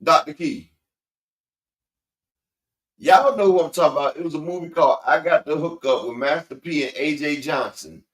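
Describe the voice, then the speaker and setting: A man's voice: on the high side, normal speed, pauses often. A man chiming in on a casual livestream with crude, rowdy joking and swearing. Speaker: co-host chiming in. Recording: distant, roomy mic.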